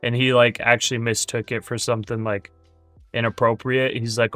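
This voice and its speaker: A man's voice: mid-range voice, little pitch movement, moderate pace, a bit bright, no room sound, soft background music. A man hosting a day trading livestream, chatting casually and jokingly, with many stammered restarts.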